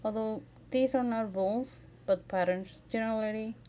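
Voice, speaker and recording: A woman's voice: on the high side, normal speed, mellow, a little hiss or hum. A woman teaching a pronunciation lesson, carefully modelling example words one by one.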